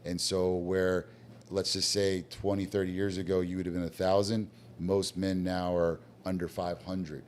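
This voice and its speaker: A guest business owner bluntly recounts his business story in casual conversation, animatedly acting out the voices of people he quotes. His voice is low-pitched at a moderate pace, with a slight hiss or hum.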